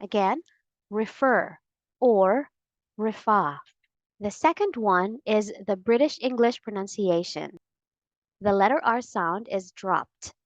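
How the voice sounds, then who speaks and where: Slow, deliberate woman teaching pronunciation. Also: medium pitch, animated, dry recording, lo-fi sound. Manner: clear, deliberate, drawn-out model words. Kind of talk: slow scripted pronunciation lesson.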